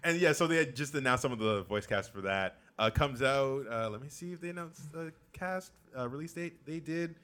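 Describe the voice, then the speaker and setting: A man's voice: medium pitch, expressive, moderate pace, hardly any pauses, a bit bright, clear, resonant tone. A young man co-hosting a casual podcast, bringing up news items in a laid-back way. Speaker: podcast co-host reading the news. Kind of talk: casual chat.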